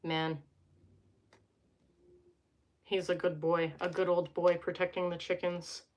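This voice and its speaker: A woman's voice: fairly low pitch, level tone, slow, a little mellow. A young woman hosting a casual live stream from home, reading tarot cards and chatting with viewers, joking and wandering off into asides.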